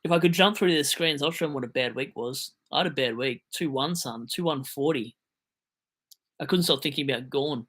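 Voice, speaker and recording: A young Australian man hosting a casual livestream, reading out viewer comments and answering them with rambling, self-mocking jokes. His voice is bright and forward, with a middle pitch. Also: brisk.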